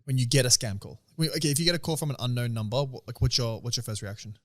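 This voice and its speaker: A young Australian man co-hosting a podcast, asking excitable questions and telling stories into a studio microphone. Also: medium pitch, fast talker. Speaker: podcast co-host. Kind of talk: casual chat.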